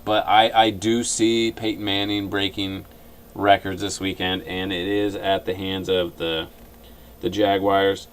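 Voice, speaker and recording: Casual male sports vlogger, fairly deep voice, chatty and opinionated, stumbles through fillers. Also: flat delivery, measured pace, slight background noise. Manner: opinionated, rambling with frequent fillers.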